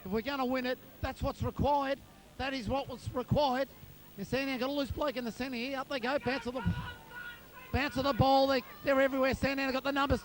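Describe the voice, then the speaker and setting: High-voiced guy doing play-by-play of local footy, naming players fast, outdoor amateur video with traffic noise. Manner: quick play-by-play, rising excitement. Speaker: club commentator. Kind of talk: amateur football commentary.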